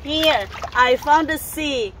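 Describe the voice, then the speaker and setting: A woman teaching her toddler letters and animal sounds at home, sounding out words slowly and encouraging them. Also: high voice, a bit bright, a little hiss or hum. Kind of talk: playful home learning session.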